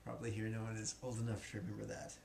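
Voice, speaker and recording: A man's voice: lowish voice, completely flat delivery, racing, vocal fry, darkish tone. Joking man teaching a class. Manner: joking, slangy and casual. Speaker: spiritual teacher. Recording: echoey room, faint noise.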